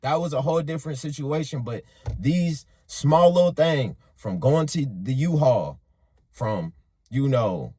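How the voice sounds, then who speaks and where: A man with a husky voice and a somewhat high pitch tells a story in a casual monologue. His delivery is animated and profane, and his pitch leaps up and drops often as he moves between hushed and loud. The sound is dry and close. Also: no echo. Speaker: motivational vlogger.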